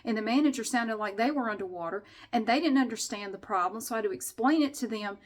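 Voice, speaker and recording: A woman with a fairly high voice tells a comic story as an exasperated rant. She bounces between loud, incredulous outbursts and low, muttered asides, keeping it animated throughout. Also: brisk, few pauses. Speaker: vlogger.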